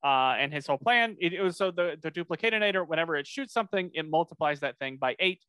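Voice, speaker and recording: Bright, crisp-voiced man recapping. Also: on the high side, expressive, fast talker, no room sound. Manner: rambling, many fillers and restarts. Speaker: podcast co-host. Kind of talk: casual chat recapping a cartoon episode.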